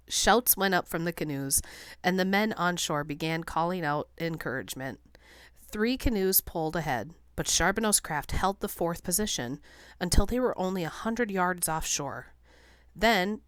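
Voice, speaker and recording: A woman's voice: lowish voice, no echo. Woman narrating a story, dry and close. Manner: steady, measured storytelling. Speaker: audiobook narrator. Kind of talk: scripted narration.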